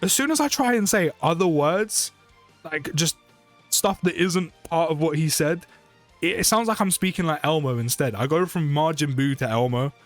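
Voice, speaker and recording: A young British man giving chatty, excitable gameplay commentary for his channel, often rambling and correcting himself. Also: on the high side, moderate pace, faint music behind. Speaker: mobile game YouTuber.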